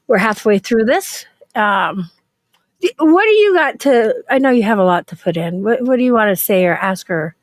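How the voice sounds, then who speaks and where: A woman hosting a casual video-call chat, talking in a quick, chatty way with fillers. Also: mid-range voice, expressive, no echo. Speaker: livestream host.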